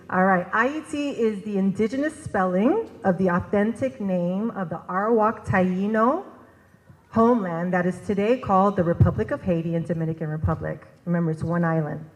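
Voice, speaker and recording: A woman's voice: medium pitch, a little fast. A woman co-presenting at a conference, reading prepared remarks and leading the audience in repeating a phrase. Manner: reads prepared text, leads the audience in repeating. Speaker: executive director, co-presenter. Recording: reverberant hall.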